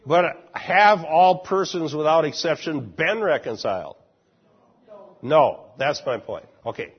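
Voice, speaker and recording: A man leads a Bible study, laying out his reading of a passage and checking in with the class. His voice is a touch husky and sits a little high. The recording is muffled and lo-fi. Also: lively intonation, unhurried. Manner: explanatory, asks the class questions. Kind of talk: Bible class lecture and discussion.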